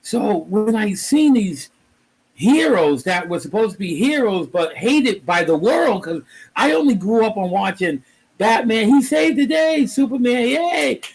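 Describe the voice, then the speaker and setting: A man with a high, lively voice talks about comics in a relaxed interview. He tells his stories with energy, breaking into exclamations and acting out other people's lines. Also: measured pace, slightly rough, rough recording. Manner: animated storyteller, exclaims and acts out quotes. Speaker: comic creator guest. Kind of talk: casual conversation.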